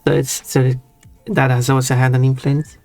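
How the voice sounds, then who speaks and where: A man's voice: medium pitch, level tone, vocal fry, a little mellow, soft background music. A man from Sweden with a Swedish accent, chatting playfully on a stream. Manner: playful, drawn-out, laughs between words. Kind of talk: casual stream chat.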